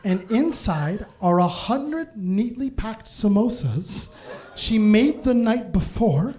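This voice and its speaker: High-voiced man doing stand-up. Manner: animated, fast storytelling with asides. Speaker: stand-up comedian. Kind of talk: live stand-up storytelling. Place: comedy venue stage.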